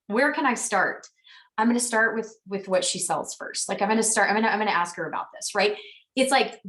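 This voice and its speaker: A woman in her thirties leads a motivational sales team call, chatty and frank with an encouraging push. Her voice sits a bit high. She sounds distant from the mic, in a room with a lot of echo. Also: a bit bright.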